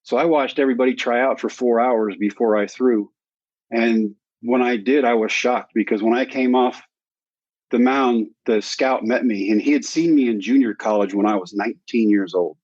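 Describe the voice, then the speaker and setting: A man of about sixty spins a long personal story, playing out each quoted line as he goes. His voice sits at an ordinary middle pitch. The recording is dry, with a slightly dull, muffled top end. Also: moderate pace, no room sound. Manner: animated storyteller who acts out quoted dialogue. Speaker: guest. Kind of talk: storytelling in a sit-down conversation.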